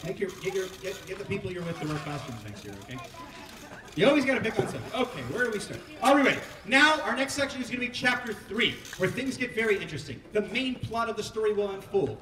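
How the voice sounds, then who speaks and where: Rabbi, male, high-pitched, jokey and teasing with his congregation, recorded from far off in a reverberant hall with faint noise. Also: very animated, fast talker, sharp tone. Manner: joking, teasing, audience-prodding. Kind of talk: playful Megillah reading with asides to the congregation. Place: synagogue sanctuary. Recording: echoey hall heard from far off.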